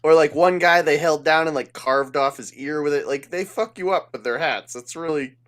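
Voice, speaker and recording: A man's voice: on the high side, moderate pace, a bit bright. A man co-hosting a podcast, casually rambling through a show's plot and swearing freely. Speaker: podcast co-host. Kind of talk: casual chat.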